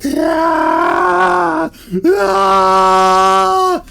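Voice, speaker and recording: A man voicing a wounded grown man, screaming in terror with shrill, panicked shrieks. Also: sing-song, extremely slow, gravelly, sharp tone, a little hiss or hum, heavily acted.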